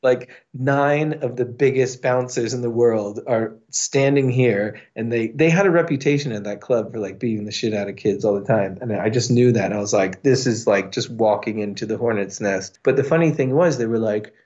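A man's voice: mid-range voice, moderate pace, hardly any pauses, darkish tone, highs cut off. A man telling a long, profane anecdote in a casual podcast chat, with many fillers. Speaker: podcast guest. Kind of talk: casual storytelling.

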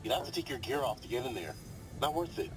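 A man's voice: mid-range voice, animated, fast talker, a crowd in the background, close to an everyday voice, low-quality recording. An actor playing a cautious young man diver in a video game, talking in a careful, level-headed way.

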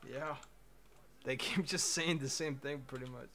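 A man's voice: medium pitch, fairly even intonation, a little slow, a crowd in the background. A young man streaming casually, laughing, swearing and telling a chatbot to move on. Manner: laid-back, laughing, swearing, impatient with the bot. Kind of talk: casual livestream chat.

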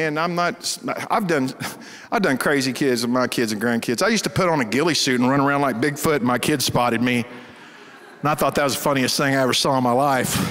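A middle-aged pastor tells a story from the pulpit, animated and laughing. His voice sits high for a man. It rings out in a hall with a long reverb. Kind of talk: storytelling sermon.

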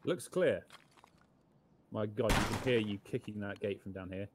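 A man's voice: fairly low pitch, normal speed, noisy background. Chatty man sharing trivia. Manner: chatty, explains gun and tech trivia. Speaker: co-player. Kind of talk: casual gameplay chat.

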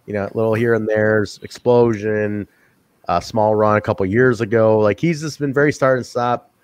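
A man co-hosting a casual wrestling review podcast, profane and quick to laugh. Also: lowish voice, clean tone, dry recording. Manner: profane, animated, laughs often. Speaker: podcast co-host.

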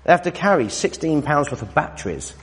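A man preaching a sermon in a hall, animated and teasing, with emphatic swings in his voice. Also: fairly high pitch, fairly quick, husky. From United Kingdom. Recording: reverberant hall sound.

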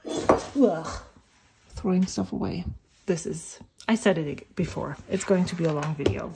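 A woman's voice: lowish voice, darkish tone, slight background noise. A middle-aged woman rambling casually about inks as she swatches at her desk at home, thinking aloud and sometimes dropping to a whisper. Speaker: fountain pen vlogger.

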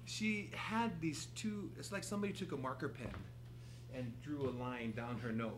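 A man with a medium-pitched voice, speaking at normal speed, appears as a guest storyteller at a live improv theater. He laughs and animatedly acts out quotes while telling a funny story, captured in an echoey, noisy theater recording.

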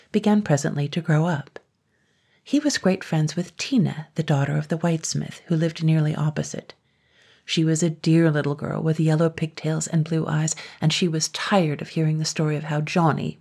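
Low husky woman reading a story. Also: warm tone. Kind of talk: scripted narration.

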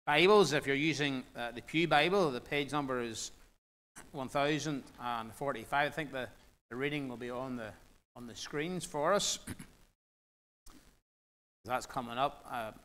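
A man with a North Antrim accent preaching a sermon in church, earnest and direct, with fillers and deliberate pauses. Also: medium pitch, fairly bright tone. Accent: Northern Irish, North Antrim. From Northern Ireland, North Antrim. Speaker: guest preacher. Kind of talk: sermon with Bible reading.

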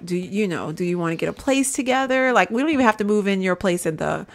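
Her mid-range voice moves quickly and with lively intonation as she runs a relaxed let's-play. The host chats away to viewers, says y'all, and laughs freely.

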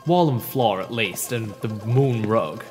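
A man hosting a let's play, commenting in a sweary, animated way. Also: medium pitch, unhurried. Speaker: gaming channel host. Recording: roomy reverb with game music behind.

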